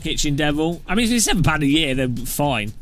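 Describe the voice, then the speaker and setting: A man's voice: on the high side, sing-song, a little fast, a bit bright, faint music behind. A man hosting a gaming channel, chatting casually in a rambling, joking way. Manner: rambling and joking, with loose restarts. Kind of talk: casual chat.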